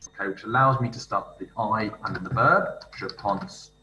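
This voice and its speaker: A man teaching in a screen-recorded tutorial, thinking aloud as he types and reading French phrases slowly. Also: lowish voice, pushed and bright, distant mic, muffled recording. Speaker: language teacher. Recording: roomy room with faint noise, slightly off-mic.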